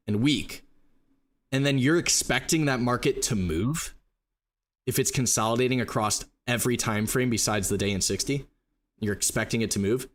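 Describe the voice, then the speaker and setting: A man teaching trading live, walking through charts and rapidly acting out a confused trader's thoughts. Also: medium pitch. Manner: rapid, emphatic explaining with mock inner voices. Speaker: trading educator. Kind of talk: live stream chart walkthrough.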